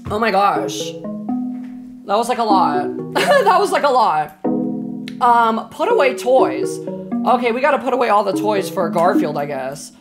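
Lively high-voiced woman streaming a game. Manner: excitable, chatty, swears when startled. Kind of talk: live game stream commentary.

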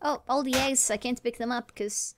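A woman chatting casually while playing a game, playful and giggly, with excitable exclamations. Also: fairly high pitch, moderate pace, background noise. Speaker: gamer recording a let's play. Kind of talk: casual gameplay chat.

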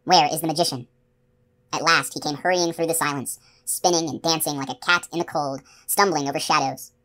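A woman reads a novel aloud as an audiobook narrator. Her voice sits low, and she tells the story in a steady, expressive way. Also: a little fast.

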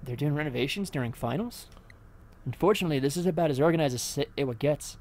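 A man's voice: on the high side, fast, a little mellow, a little hiss or hum. A young man nervously talking through a horror game as he plays, rambling and muttering to himself. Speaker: let's play host. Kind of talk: casual gameplay commentary.

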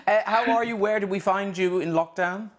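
A man's voice: high-pitched, moderate pace, a little hiss or hum. A male talk show host with an Irish accent, reading a teasing monologue and chatting with a guest. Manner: wry, teasing, giggly. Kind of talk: scripted monologue and interview. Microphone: video call from home.

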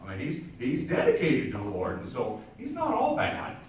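A man's voice: medium pitch, huge pitch swings, moderate pace, distant mic. A man in the pulpit delivering a sermon, talking with the congregation as much as preaching at them, doubling up words as he goes. His voice sits in a middle register. It carries through a very echoey church, picked up from well back off the mic with a faint hiss behind it. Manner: conversational preaching with asides to the congregation; frequent repeated words and restarts. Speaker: pastor. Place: church sanctuary.

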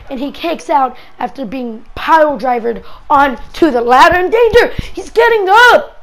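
A woman giving excitable play-by-play commentary on a wrestling match in a game, breaking into shouts at the big moves. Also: sits high, unhurried, low-quality recording.

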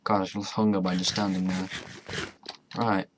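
A man's voice: low voice, level tone, normal speed, background noise. A young man commentating as he plays a modded game, chatty and muttering to himself, with mild swearing along the way. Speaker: gamer. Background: faint keyboard and mouse clicks.

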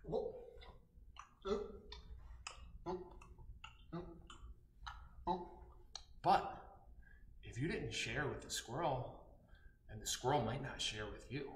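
Male children's storyteller, playful, bright, lively pitch. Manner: animated, sound effects and sung noises. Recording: roomy echo.

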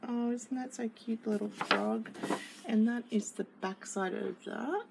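Woman, gushing craft unboxer, unhurried delivery, some vocal fry. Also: a little high, fairly even intonation, background noise. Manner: gushing and chatty, with many fillers. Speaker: craft kit reviewer. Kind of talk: casual unboxing chat.

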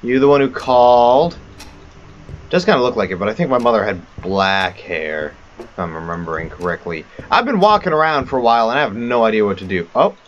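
A man's voice: mid-range voice, animated, brisk, dull audio. A man giving rambling, self-mocking let's play commentary on a horror game. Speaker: gamer.

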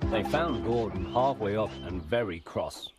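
Expressive low-voiced male storyteller. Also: unhurried, loud music behind the voice. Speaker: narrator. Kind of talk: storybook narration.

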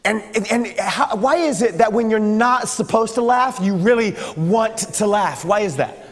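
A man's voice: high-pitched, normal speed, in a large hall. A man preaching a sermon to a youth group, playful and joking as he acts out sounds. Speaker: pastor. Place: church sanctuary.

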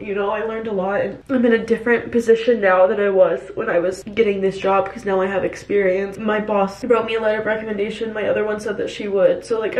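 A young woman in her twenties talking tearfully into her camera at home, halting and hesitant, full of fillers and restarts. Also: mid-range voice, fairly even intonation, darkish tone. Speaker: lifestyle vlogger. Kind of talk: confessional vlog talk. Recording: roomy echo, from a distance.

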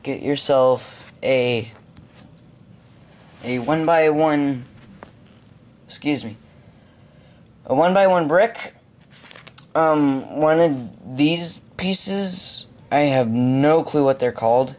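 A man giving step-by-step building instructions at home, halting with frequent ums. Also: on the high side, darkish tone. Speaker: hobby video maker.

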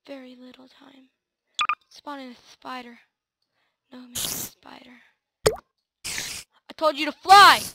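Very high-voiced excitable woman gamer. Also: slow, long pauses. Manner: excitable, shrieks and yells at the screen. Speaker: gaming video host. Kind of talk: let's play commentary. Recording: loud noisy hiss under the voice.

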